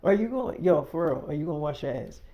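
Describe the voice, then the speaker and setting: A man's voice: mid-range voice, fairly even intonation, normal speed, creaky, highs cut off, close to an everyday voice. Man voicing a blunt, swearing young woman. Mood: heated. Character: brash rich young woman, blunt girlfriend.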